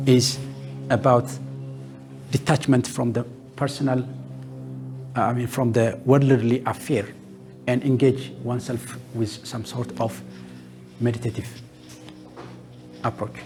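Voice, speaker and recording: Over background music, a man with a mid-range, fairly even voice gives a classroom lecture. He lists terms one by one with pauses and poses questions that he answers himself.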